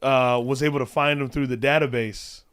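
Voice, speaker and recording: A man with a smooth, resonant voice tells stories on a podcast in a loose, rambling way. He restarts his sentences, piles on fillers and drops into quoted dialogue. The feel is relaxed and conversational. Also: mid-range voice, normal speed. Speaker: comedian guest. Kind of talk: casual podcast storytelling.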